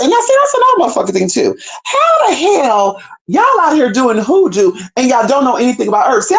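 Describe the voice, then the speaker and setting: A woman talking in a casual vlog monologue, animated and profane, often acting out other people's voices as a herbalist and hoodoo practitioner. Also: medium pitch, low-quality recording. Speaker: self-described certified herbalist and hoodoo practitioner.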